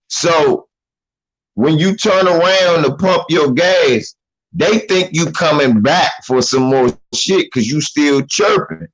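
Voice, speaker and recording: A man giving casual, profane commentary on a video, animated and laughing, often mimicking the people in it. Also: a little high, unhurried, low-quality recording.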